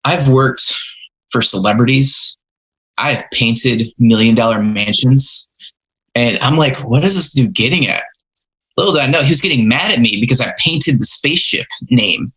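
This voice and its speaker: A man's voice: mid-range voice, normal speed, a bit bright, rough recording. A young man hosting a podcast, telling rambling, self-mocking stories about his first jobs in a casual way. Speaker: podcast host. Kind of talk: casual storytelling.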